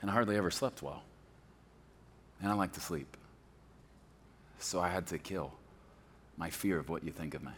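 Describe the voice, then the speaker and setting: A man preaching a sermon as a pastor, swinging from loud shouts to quiet, close talk. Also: deep voice, normal speed, long pauses, a little hiss or hum. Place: church sanctuary.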